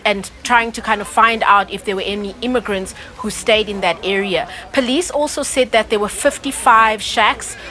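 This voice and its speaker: A woman's voice: medium pitch, a bit bright. A woman correspondent giving a live report, hesitant with many fillers.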